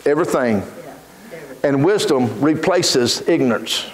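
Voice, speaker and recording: A man's voice: mid-range voice, lively intonation, unhurried. A man preaching a sermon in a church, folksy and fervent, telling homely stories. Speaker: pastor. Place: church sanctuary. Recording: echoey church room.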